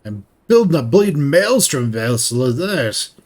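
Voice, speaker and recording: A man's voice: medium pitch, sing-song, measured pace, darkish tone. A man voicing a scornful old pirate father in a fantasy game, talking in a coarse, sneering way and swearing. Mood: bitter.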